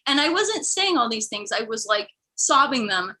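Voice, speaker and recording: A woman's voice: on the high side, lively intonation, normal speed, hardly any pauses, bright, forceful tone, rough recording. A young woman from the American Midwest telling a rambling, self-deprecating stand-up story. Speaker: comedian.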